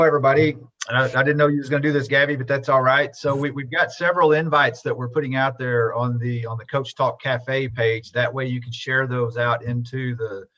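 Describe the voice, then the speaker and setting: A man speaking casually on a video call, halting and repeating words as he shares heartfelt thanks. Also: mid-range voice, fairly bright tone. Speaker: sales and marketing director. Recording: dull lo-fi video call audio.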